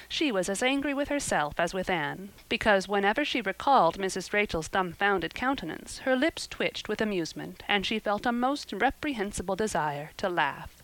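A woman narrating a classic novel with measured, expressive storytelling. Her voice sits at a middle pitch. The recording is close and dry, with no room echo. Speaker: audiobook narrator. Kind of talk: scripted narration.

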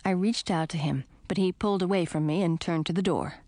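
A woman reading a first-person storybook aloud in an expressive, animated way. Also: on the low side, fairly quick, dry recording. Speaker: audiobook narrator.

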